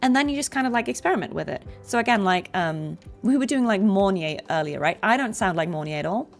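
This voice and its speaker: A woman's voice: medium pitch, lively intonation, quick pace, faint music behind. A woman streamer and voice actor chatting casually, explaining voice tricks in a chatty, self-deprecating way.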